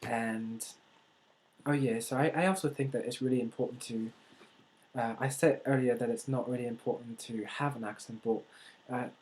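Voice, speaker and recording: A man from the United States talking to camera in a vlog. He speaks in a deliberately unusual put-on accent and pauses often with fillers and restarts. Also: mid-range voice, steady tone, a little mellow, low-quality recording. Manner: hesitant, with many fillers and restarts. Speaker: vlogger. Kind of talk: casual talk to camera.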